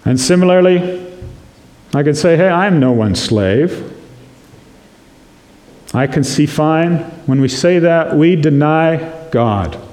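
Male pastor delivering a sermon, slightly high voice, unhurried earnest delivery, echoey sanctuary. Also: dark tone. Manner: slow, earnest preaching, acting out prayers in quotes. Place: church sanctuary. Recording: echoey church room.

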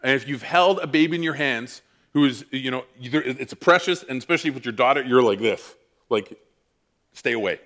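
Guy preaching, telling a funny story on himself, animated, jumps around a lot. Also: mid-range voice, brisk. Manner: animated, self-mocking storyteller. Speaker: pastor. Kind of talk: sermon storytelling.

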